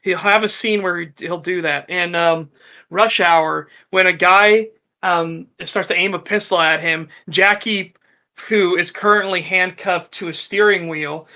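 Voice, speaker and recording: A man in casual chat as a podcast co-host, an animated storyteller who acts out the people he quotes. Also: high voice, a little slow.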